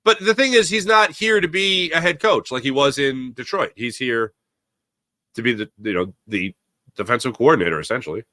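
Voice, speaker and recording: A man hosting a live sports talk show, giving opinionated takes and answering viewer chat in an animated way. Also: mid-range voice, no echo, clean studio sound. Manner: opinionated, animated, quick asides to chatters.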